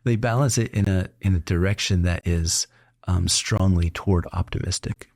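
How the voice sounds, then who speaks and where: A middle-aged doctor and podcast host has a low, gravelly voice and a moderate pace, recorded at studio quality with no echo. In a casual interview he tells stories animatedly, laughing often and voicing the people he quotes.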